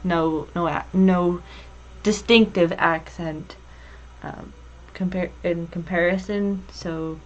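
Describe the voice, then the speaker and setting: A woman's voice: fairly low pitch, fairly even intonation, takes it slowly. A woman hosting a TV review chat, hesitant and searching for her words. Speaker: show host. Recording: dull lo-fi audio.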